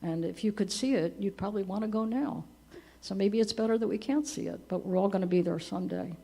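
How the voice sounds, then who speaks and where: A woman in her seventies giving a eulogy for her husband at a church memorial, telling gentle, conversational stories and laughing softly at them. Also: medium pitch, fast, creaky. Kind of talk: personal storytelling at a memorial service. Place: church service.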